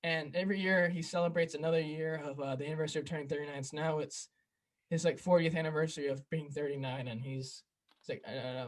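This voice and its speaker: A young man hosting a casual podcast chat, retelling comedy bits with quick impressions and laughter. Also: fairly high pitch, fairly even intonation. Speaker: podcast host.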